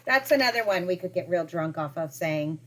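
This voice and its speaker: A woman's voice: lowish voice, animated, a little fast, fairly bright tone. Chatty woman co-host recapping a show. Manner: chatty, recapping with frequent "like" and laughs. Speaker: podcast co-host. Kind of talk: casual chat.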